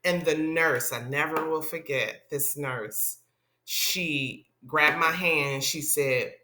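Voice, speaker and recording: Bright-voiced woman telling a lively story. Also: low-pitched, takes it slowly, echoey room. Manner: animated storyteller who acts out the people she quotes. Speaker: radio personality, interview guest. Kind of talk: casual storytelling interview.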